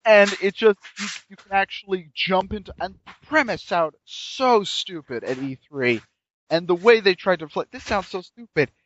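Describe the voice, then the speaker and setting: A man's voice: high-pitched, animated, moderate pace, a bit bright, slight background noise. A man chatting casually and enthusiastically about a game, rambling with frequent restarts, on dull lo-fi audio. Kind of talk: casual chat reviewing a game.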